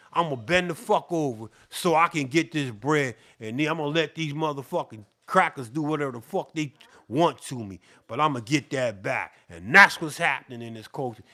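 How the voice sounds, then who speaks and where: A man's voice: on the high side, bright, forceful tone. A middle-aged man ranting off the cuff to camera, profane and repetitive, sweating and worked up. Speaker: beatmaker. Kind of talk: heated off-the-cuff rant to camera.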